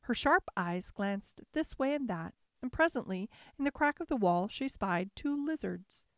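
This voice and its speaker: A woman's voice: on the high side, animated, measured pace, dry recording, clean studio sound. Woman reading a fairy tale aloud. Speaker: storyteller. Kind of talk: storybook reading.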